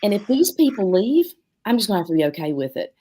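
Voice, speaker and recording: Speaking fast at a medium pitch, this guest, a middle-aged dance studio owner, tells animated stories in casual conversation. Whenever she quotes someone, she acts out their voice.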